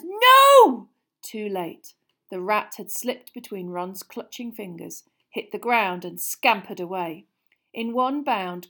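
Woman narrating an audiobook, hushed. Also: medium pitch. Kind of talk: scripted narration.

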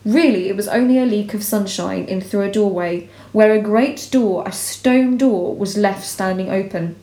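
A woman reading a storybook aloud in a measured, expressive way. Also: medium pitch. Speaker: narrator. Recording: roomy echo.

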